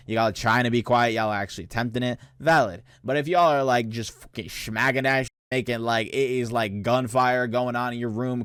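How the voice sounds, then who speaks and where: A man's voice: mid-range voice, clean tone, no echo. A young man reading posts aloud and reacting in a laid-back, slangy, joking way, laughing often. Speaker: reaction streamer. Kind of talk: casual reaction commentary.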